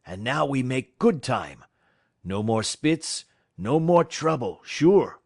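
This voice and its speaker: A man voicing an excitable, rough French-Canadian dog driver in an audiobook, with a heavy French accent and shouted exclamations. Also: mid-range voice, slow pace, no room sound, studio quality, pitched above the performer's own voice, full character voice. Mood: gloating. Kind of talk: audiobook character voice.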